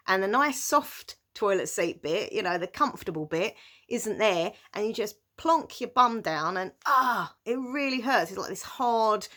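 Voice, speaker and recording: A woman's voice: mid-range voice, fairly bright tone. A young British woman chatting casually to camera as she answers viewer questions, giggling often and speaking with many fillers. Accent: British English.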